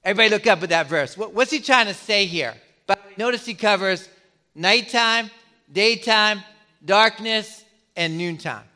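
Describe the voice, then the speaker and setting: A middle-aged man preaching a sermon as a pastor, putting questions to the congregation and pausing for effect. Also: high-pitched, bright, forceful tone.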